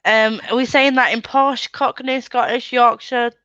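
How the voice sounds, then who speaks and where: A woman's voice: on the high side, steady tone, unhurried, a bit bright, clean tone, dry recording, highs cut off. A woman with an English Midlands accent, chatting casually and giggling often, playfully mimicking accents. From England. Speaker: booktube host. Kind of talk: casual video call chat.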